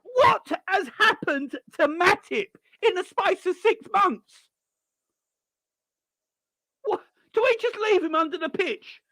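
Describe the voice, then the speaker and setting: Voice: very high-pitched, animated, slow, long pauses, pushed and bright, no echo. A football fan ranting sarcastically and with plenty of swearing about a bad team performance. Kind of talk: angry fan rant.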